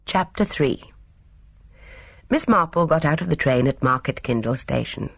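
A woman reading a novel aloud as a narrator, in measured storytelling. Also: deep voice, animated, creaky, husky, no room sound. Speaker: audiobook narrator. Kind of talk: scripted narration.

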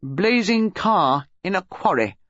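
A courteous older gentleman speaks gravely and with measured politeness, as a woman reader voices him. His voice has a husky grain, and the audio is dry and slightly muffled. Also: on the low side, animated, no room sound, voice pushed up, heavily acted.

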